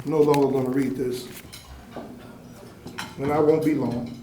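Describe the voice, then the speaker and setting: A man's voice: medium pitch, steady tone, a little slow, mellow. A man speaking into a microphone at a banquet, introducing an award recipient and telling a parable with emphatic, repetitive phrasing. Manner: emphatic storyteller, repeats phrases to build momentum. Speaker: fraternity member giving an award introduction. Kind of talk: banquet speech with a told parable. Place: indoor banquet hall. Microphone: handheld microphone. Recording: echoey banquet hall, faint background noise.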